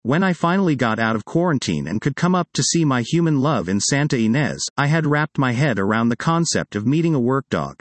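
A man's voice: medium pitch, sing-song, a little fast, hardly any pauses, no echo. A man reading his personal essay aloud in a wry, conversational way, close to the mic.

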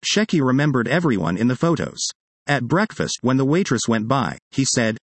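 A comedian reading his own tribute essay as scripted first-person narration, an anecdotal storyteller who drops punchlines deadpan. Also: mid-range voice, normal speed, no echo.

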